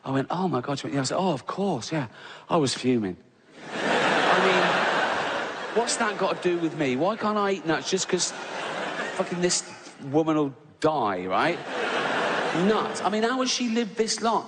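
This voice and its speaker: A man's voice: high voice, sing-song, a little slow, pauses often, a loud crowd, very noisy. A middle-aged English man doing a stand-up comedy routine, telling a story with sarcastic, mock-outraged asides and exaggerated quoted voices. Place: large theatre with live audience. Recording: live hall recording with audience laughter.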